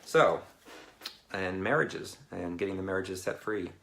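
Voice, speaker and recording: Low gravelly man rambling to viewers. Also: expressive, unhurried, fairly bright tone, a little hiss or hum. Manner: rambling, chatty, laughs often. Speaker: Christian ministry speaker. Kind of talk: casual live video chat with viewers.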